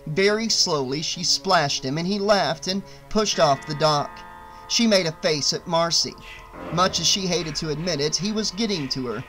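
A man reading an audiobook aloud in a steady, expressive way. His voice sits a bit high for a man. Quiet music plays faintly beneath him. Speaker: audiobook narrator. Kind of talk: audiobook narration.

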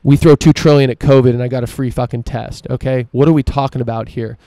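Dark, flat-voiced ranting male podcaster. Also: mid-range voice, quick pace, no room sound. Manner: profane, emphatic ranting. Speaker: podcast host. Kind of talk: solo opinion podcast monologue.

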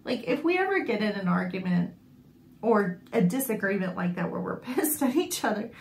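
A woman vlogger telling a funny family story in a casual, wry and animated way, often laughing. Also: medium pitch, normal speed, slight background noise. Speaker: sewing vlogger. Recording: echoey room.

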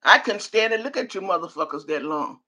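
A woman's voice: on the low side, expressive, a little fast, bright, forceful tone, breathy edge. An older woman on a live stream, cursing and trash-talking while she reads out viewer names. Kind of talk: profane live-stream rant.

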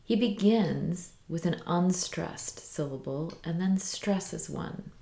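A woman teaching a poetry lesson, explaining meter slowly and reading lines aloud with careful emphasis. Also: on the low side, creaky, dark tone, roomy sound.

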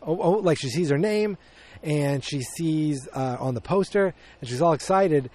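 Lively intonation and a fairly high pitch mark this podcast host's voice, which is unhurried and darkish in tone. He chats loosely about a film, opinionated, rambling and correcting himself as he talks.

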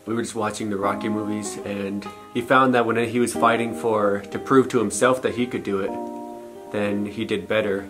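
A man's voice: lowish voice, fairly even intonation, normal speed. A man hosting a faith vlog, speaking in an upbeat, sincere, encouraging way. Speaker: channel host. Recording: faint music behind.

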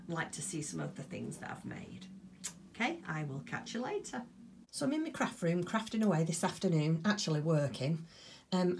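Woman, husky, lowish voice, chatty, enthusiastic, casual craft vlog. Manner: chatty, enthusiastic, gushing over fabrics. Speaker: crafting vlogger. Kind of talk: casual chat. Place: home craft room.

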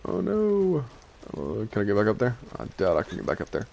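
A young man giving casual gameplay commentary, excitable and quick to rant when things go wrong. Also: fairly low pitch, creaky, a little hiss or hum. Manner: excitable, frequent exclamations, frustrated rants. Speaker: gaming YouTuber.

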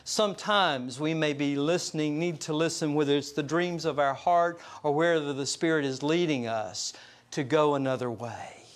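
A man with a fairly high speaking voice delivers a sermon from the pulpit. He talks in a relaxed, storytelling way, chuckling along with his own anecdotes. He turns earnest and slows down when he drives a point home. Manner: conversational, chuckles through anecdotes. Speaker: pastor. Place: church service.

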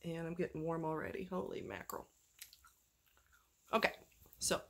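A vlogger talks straight to the camera in a casual, candid way, with fillers and strong emphasis. The voice sits at a mid pitch. Pain from a fractured ankle colors the delivery. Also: lively intonation, moderate pace, creaky, a bit bright. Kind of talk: casual talking-head vlog.

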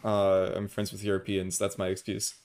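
A man's voice: sits low, monotone, moderate pace, a little mellow. A man joking dryly in casual gaming voice chat. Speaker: game player.

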